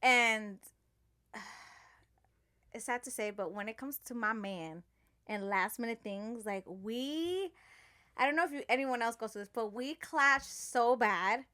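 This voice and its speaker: A woman co-hosting a podcast in casual chat, frank and profane and quick to laugh. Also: on the high side, sharp tone. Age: adult with children. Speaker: podcast co-host.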